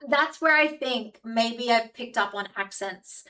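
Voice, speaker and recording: A young woman with a blended Australian and New Zealand accent talks with her stream chat in a bright, slightly high voice. She rambles and laughs, filling gaps with lots of "um" and "like". Her voice sits a little back from the mic. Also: a little slow, far from the mic, rough recording. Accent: Australian and New Zealand mix. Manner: chatty, rambling, frequent fillers and laughs. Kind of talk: casual live-stream chat with viewers.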